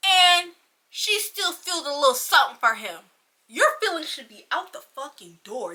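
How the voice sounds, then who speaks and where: A woman giving a casual, profane, rambling book review in an animated ranting manner. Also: sits high, normal speed.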